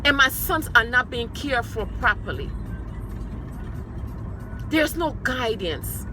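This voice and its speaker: A woman's voice: on the high side, expressive, takes it slowly, over music. A woman sharing her personal testimony with emphatic, repeated declarations, speaking of her faith and her sons. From New York.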